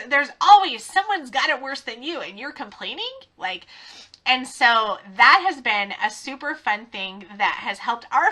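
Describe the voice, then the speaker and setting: A middle-aged woman hosting a podcast, talking in a chatty, animated way and laughing often. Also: high-pitched. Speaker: podcast host. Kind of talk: casual podcast monologue.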